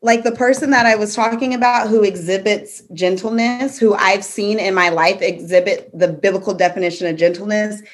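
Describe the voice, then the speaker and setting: A woman's voice: mid-range voice, fairly even intonation, brisk, hardly any pauses. A young woman co-hosting a casual faith podcast, talking reflectively and laughing between her thoughts. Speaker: podcast co-host. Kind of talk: faith-based casual chat.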